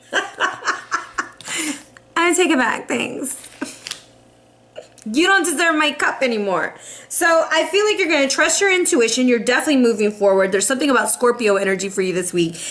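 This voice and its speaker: Young woman, high voice, tarot reader, sassy and playful, laughs a lot. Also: expressive, normal speed, long pauses, fairly bright tone. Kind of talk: casual tarot reading.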